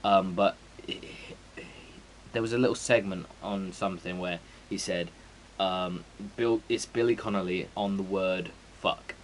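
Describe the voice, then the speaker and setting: A man's voice: low-pitched, steady tone, measured pace, slight background noise, low-quality recording. A man, streaming a game and chatting casually in a rambling, sweary way full of fillers. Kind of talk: casual chat before a stream.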